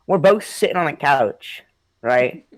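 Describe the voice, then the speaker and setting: On a dry recording, a young male host with a voice on the high side speaks in an animated, unhurried way. His spooky childhood tale comes out casual and rambling, full of swearing and frequent laughter.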